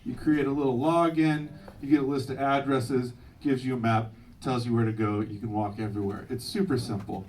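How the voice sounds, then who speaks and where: Young male stand-up comedian, energetic and punchy, mid-pitch, caught from afar in a noisy live venue. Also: brisk. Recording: distant mic, noisy live room.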